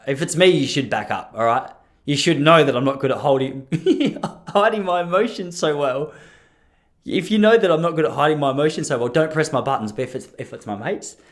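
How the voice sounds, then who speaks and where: A man, rambling and joking about himself as a podcast host. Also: a little high. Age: 30s. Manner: self-deprecating, rambling with restarts and laughs. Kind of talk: solo rambling podcast monologue.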